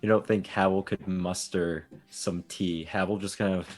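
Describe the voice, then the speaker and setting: Laid-back low-voiced man player. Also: fairly even intonation, normal speed. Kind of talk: playing a tabletop game.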